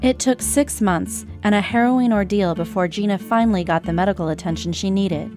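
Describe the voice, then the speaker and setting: A woman narrating a radio documentary in a measured, sober scripted style. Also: mid-range voice, darkish tone, faint music behind.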